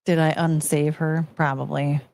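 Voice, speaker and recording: A woman's voice: low-pitched, little pitch movement, normal speed, gravelly, darkish tone, no room sound, clean studio sound. A woman hosting a casual stream, chatting frankly and crudely with viewers, giggling often.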